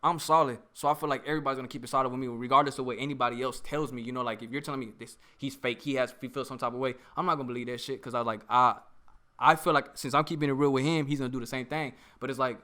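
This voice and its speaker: A man's voice: mid-range voice, fairly even intonation, racing, pushed and bright. A young man from Oklahoma, a rapper guest in casual podcast chat, rambling in street slang with lots of "bro" and "like".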